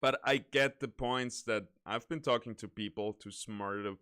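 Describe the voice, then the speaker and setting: A man streaming games, chatting casually in a relaxed, rambling way. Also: medium pitch, moderate pace, smooth. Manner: relaxed, rambling, self-correcting. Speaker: game streamer.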